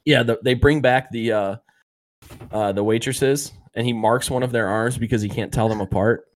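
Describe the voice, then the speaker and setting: A man's voice: medium pitch, steady tone, normal speed. A man in casual chat, rambling through favorite TV episodes and acting out the characters' lines, with lots of fillers. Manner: rambling storyteller, acts out quotes, many fillers. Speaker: podcast co-host.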